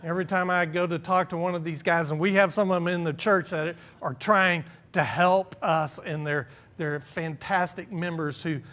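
High-voiced pastor preaching a sermon. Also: male voice, fairly even intonation, normal speed, few pauses, a bit bright. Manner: earnest preaching with self-deprecating humor.

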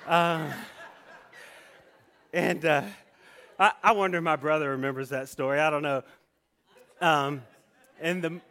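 A man telling a personal story in a sermon, animated, with many restarts and asides. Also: mid-range voice.

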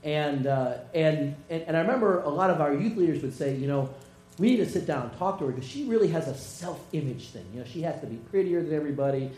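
A male pastor preaching a sermon through personal stories, halting and repeating words as he retells conversations. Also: a little high, animated, darkish tone. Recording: echoey room with mains hum.

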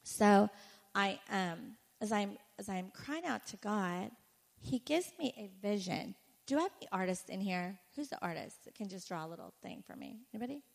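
A woman speaker giving an animated personal testimony to a conference audience, full of "like" fillers. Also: mid-range voice, normal speed, vocal fry. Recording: echoey hall reverb.

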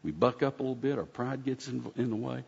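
This preacher talks fast in a mid-range voice that's creaky, husky and darkish, delivering a folksy, conversational sermon full of rambling and restarted sentences. The recording is dull with a long hall reverb.

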